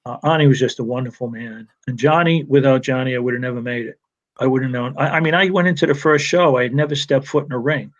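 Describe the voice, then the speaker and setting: A man's voice: medium pitch, fast talker, highs cut off. A man, a retired wrestling referee, telling rambling stories from his career with restarts and chuckles over a remote call. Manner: rambling anecdotes with restarts and laughs. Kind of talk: casual storytelling interview.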